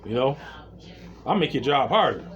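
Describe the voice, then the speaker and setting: A man's voice: mid-range voice, moderate pace, lo-fi sound. A man speaking a casual monologue to his viewers, telling a story with plenty of swearing and addressing them directly as "y'all". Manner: animated storytelling, swearing freely; talks straight to viewers as "y'all". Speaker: vlogger.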